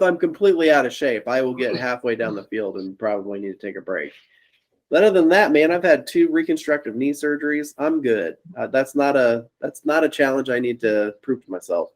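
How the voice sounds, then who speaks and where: Rambling animated young man telling a story. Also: medium pitch. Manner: rambling, animated, laughs at his own story. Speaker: podcast co-host. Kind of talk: casual storytelling chat.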